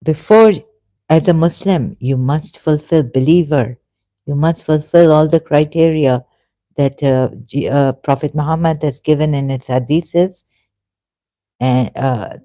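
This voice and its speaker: Guy, halting and earnest, dark mellow tone, dry sound. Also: a little high, dry recording. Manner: halting, many restarts and fillers, earnest and pleading. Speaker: religious video commentator. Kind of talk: emotional monologue to camera.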